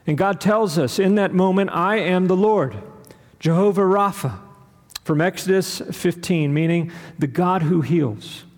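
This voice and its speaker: A man preaching a sermon, rhythmic and building to loud, emphatic peaks. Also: high-pitched, measured pace. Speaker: pastor. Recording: long hall reverb.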